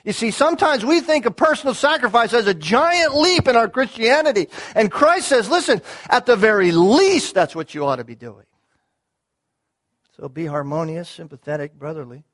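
A man's voice: high-pitched, very animated, normal speed, fairly bright tone. A man preaching a sermon to his congregation, earnest, repeating key words, with small restarts as he explains. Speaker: pastor.

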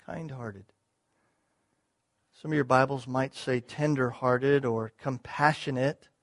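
A man's voice: mid-range voice, flat delivery, measured pace. A man preaching a sermon to his congregation, earnest, repeating key words, with small restarts as he explains. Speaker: pastor.

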